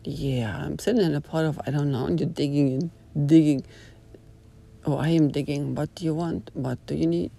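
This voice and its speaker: A woman's voice: low-pitched, fairly even intonation, moderate pace, vocal fry, warm tone. A woman hosting a casual talk, rambling on with dramatic groans of disgust. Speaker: host. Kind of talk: casual monologue.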